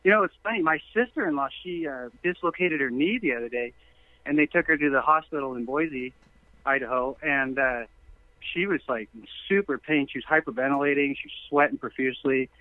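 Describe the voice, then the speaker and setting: Calling into a talk show, this man speaks quickly in a mid-range voice, and the recording is dry despite the tinny phone line. His part of the phone-in conversation is earnest, long-winded storytelling.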